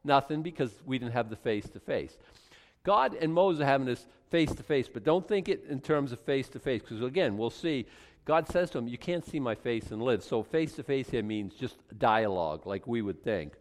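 A man's voice: mid-range voice, animated, normal speed, big-room sound. A man teaching a Bible study in a casual, conversational way, reading scripture aloud then commenting with frequent restarts.

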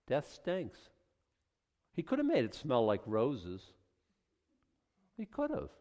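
A man preaching a sermon, reading scripture aloud and commenting on it, at times building to loud, emphatic passages. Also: mid-range voice, wildly swooping pitch, takes it slowly, in a large hall.

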